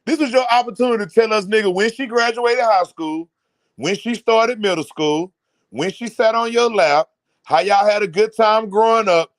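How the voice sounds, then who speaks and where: A man doing loud, mocking, profane reaction commentary, often mimicking others. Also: high voice, moderate pace, dry recording, studio quality. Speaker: commentary host.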